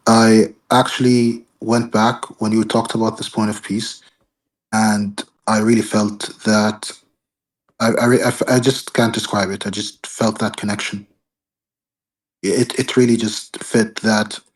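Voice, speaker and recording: A man calling into a live debate, speaking haltingly and struggling to find his words. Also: on the low side. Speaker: caller.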